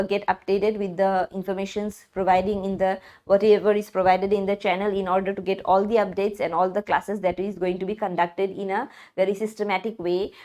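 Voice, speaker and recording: A woman teaching English grammar in a live exam analysis, explaining slowly and often restarting with fillers. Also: mid-range voice, darkish tone. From India.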